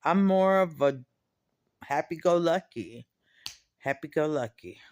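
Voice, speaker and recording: Slow, smooth-voiced man rambling. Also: fairly high pitch, expressive, a little mellow, dull audio. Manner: rambling and confiding, full of fillers and repeats. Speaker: vlogger. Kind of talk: personal video diary.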